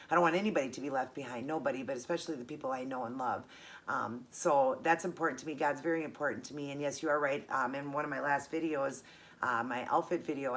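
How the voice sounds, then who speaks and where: A middle-aged woman vlogger chatting casually and earnestly as she unboxes gifts, gushing and emotional. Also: very deep voice.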